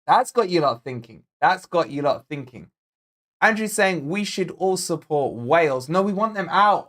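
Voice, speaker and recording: Hosting a live football watch-along for his fan channel, a man born in Scotland speaks with a Scottish accent in a high-pitched, fairly bright voice with lively intonation and normal speed. He keeps things loose and jokey, chatting back to comments from viewers.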